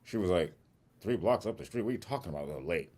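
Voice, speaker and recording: A man co-hosting a podcast, telling a long story in a casual, animated way and acting out other people's lines with plenty of swearing. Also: deep voice, quick pace. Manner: animated storyteller, acts out quotes, swears freely. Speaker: podcast co-host.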